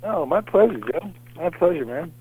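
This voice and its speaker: A man's voice: on the high side, normal speed, breathy edge, phone-quality sound. A middle-aged man telling anecdotes in a casual, rambling way as an interview guest. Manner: animated, rambling anecdotes with lots of fillers.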